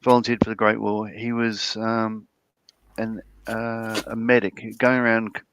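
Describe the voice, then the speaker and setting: A man's voice: fairly low pitch, level tone, measured pace, a bit bright, clear, resonant tone, no room sound. A man with an Australian accent chatting casually on a livestream, rambling with lots of fillers and restarts. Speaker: livestream co-host. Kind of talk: casual chat, reading viewer comments.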